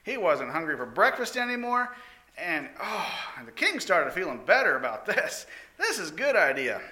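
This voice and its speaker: A man preaching by retelling a story in an animated, folksy way, with many exclamations. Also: high voice, moderate pace. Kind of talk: storytelling sermon.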